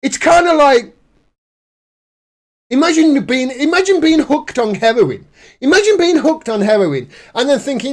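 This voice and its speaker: A man talks through news stories in a casual, sarcastic way. His voice sits fairly high, and he pokes fun at what he reads with plenty of scorn. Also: very animated, normal speed, pauses often. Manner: sarcastic, mocking, laughs at the news. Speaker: political commentator. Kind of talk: casual commentary reading news articles.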